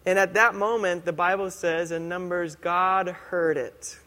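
A pastor preaches in a relaxed, chatty way and slows down hard to stress key phrases. His voice is fairly high and rings with a long reverb from a church hall. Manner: conversational, casual, with slow, emphatic punchlines. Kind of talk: sermon.

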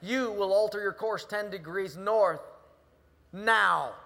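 A man playing a pompous male navy admiral who barks orders in a booming voice. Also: takes it slowly, creaky, sharp tone, exaggerated voice. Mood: commanding. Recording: long reverb in a hall.

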